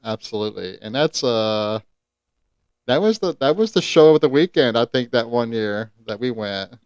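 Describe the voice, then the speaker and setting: Laid-back guy hosting a podcast, smooth clear voice, dry close sound. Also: mid-range voice, expressive, normal speed, darkish tone, no echo. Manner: easygoing, enthusiastic, laughs often. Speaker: podcast host. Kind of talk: casual podcast chat.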